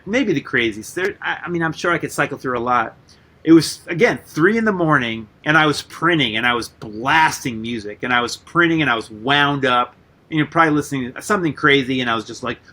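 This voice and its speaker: A man with a somewhat high voice spins loose, animated stories as an interview guest, peppering them with "like" and casual swearing. His tone is bright and forceful, and he keeps a chatty, tumbling storytelling rhythm. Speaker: guest artist and musician.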